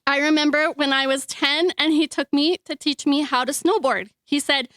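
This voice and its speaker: Woman, high voice, emotional eulogy, halting, dry close sound. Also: fairly even intonation, fairly bright tone, no echo. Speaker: eulogy speaker, sister. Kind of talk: memorial speech. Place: memorial hall.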